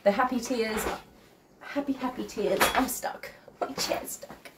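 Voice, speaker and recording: A woman's voice: fairly high pitch, fairly even intonation, a little slow, background noise. A woman dog groomer hosting a casual livestream from her salon, chatty and easily emotional.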